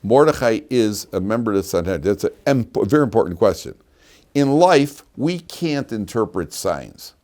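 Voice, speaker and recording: A man teaching a lively class as a rabbi, telling stories and laughing at his own anecdotes. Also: on the low side, normal speed. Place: yeshiva classroom.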